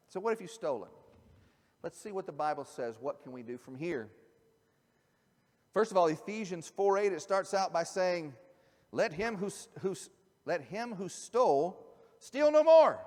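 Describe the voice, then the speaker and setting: A man, a pastor, preaching a conversational sermon that moves from quiet asides to loud emphasis. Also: fairly high pitch. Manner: conversational, swings from soft asides to shouted emphasis. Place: church sanctuary. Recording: church hall with long reverb.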